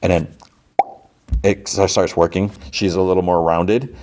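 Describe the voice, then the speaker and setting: A man's voice: deep voice, fairly even intonation, a little slow, a little mellow. A man hosting a podcast, casually recapping an episode with lots of fillers and restarts. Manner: rambling, many fillers and restarts. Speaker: podcast host.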